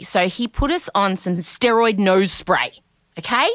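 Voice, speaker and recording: An Australian woman in her forties hosting a podcast, talking fast and rambling through animated stories. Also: medium pitch, dry recording, clean studio sound. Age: 40s. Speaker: podcast host. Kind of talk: casual chat.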